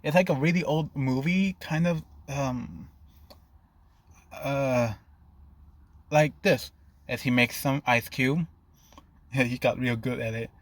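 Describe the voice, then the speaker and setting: A man's voice: mid-range voice, slow, long pauses, dry recording. A man narrating an improvised fan fiction story in a loose, rambling way, often stopping to rephrase.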